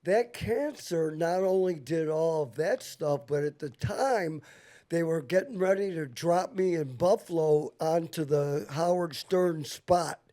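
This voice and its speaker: A male host leads a casual chat at an unhurried pace. He is blunt and swears freely, and his fairly high voice has a mellow, dark tone. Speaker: show host.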